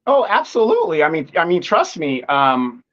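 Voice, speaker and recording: A man with a notably high voice argues his point with conviction, often doubling back on his first words before he finds the sentence. His audio comes through muffled and lo-fi, like a remote call. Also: huge pitch swings, normal speed, fairly bright tone. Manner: repeats words when starting a point, firm and opinionated. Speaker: guest commentator. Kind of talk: live online discussion.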